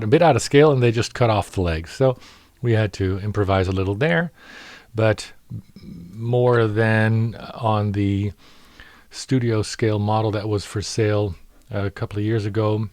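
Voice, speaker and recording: Low-voiced man giving a halting model update. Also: dry recording. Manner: halting, full of fillers and restarts, grows excited. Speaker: scale model maker showing his work. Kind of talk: casual product update.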